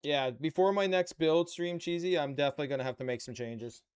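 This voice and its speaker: A man's voice: a little high, fairly quick, clean tone. A man live-streaming a model-kit build, chatting with viewers and muttering to himself as he works. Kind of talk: casual live-stream chat.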